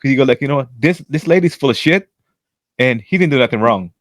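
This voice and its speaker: A man co-hosting a podcast, telling a workplace story in casual chat, acting out quotes and cursing freely, with a voice he calls always loud. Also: fast talker, dry recording. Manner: animated, acts out quotes with big pitch jumps and profanity; says his voice is always loud. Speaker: podcast co-host.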